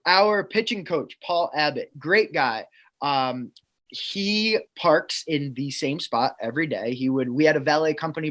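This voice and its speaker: On a podcast, a team staff member tells a funny work story in a chatty, casual manner, laughing his way through the anecdote. His voice is a little high and a bit bright.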